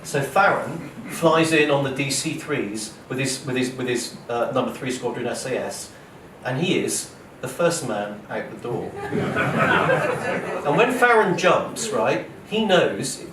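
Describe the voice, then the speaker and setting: A man, an author giving a lively storytelling lecture, acting out quoted speech and often checking in with "okay?" and "right?". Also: medium pitch, measured pace. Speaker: author giving a public talk. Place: lecture hall at a museum. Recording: roomy hall, voice from a distance, faint noise.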